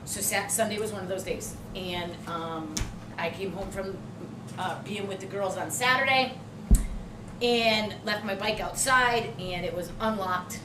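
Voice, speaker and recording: A middle-aged woman co-hosting a podcast and telling a story in casual chat, expressive and quick to laugh. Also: medium pitch. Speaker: podcast co-host. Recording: echoey room, distant mic, noisy background.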